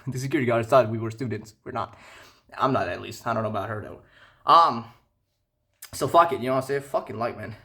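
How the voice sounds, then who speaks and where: A young man telling a casual, profane storytime rant, animated and incredulous. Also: medium pitch. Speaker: vlogger.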